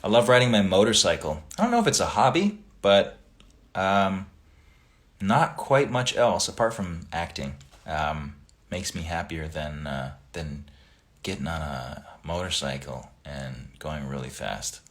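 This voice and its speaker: A man hosting a casual livestream, reading viewer comments aloud and chatting back in a relaxed, friendly way. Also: sits low, unhurried. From Italian family background.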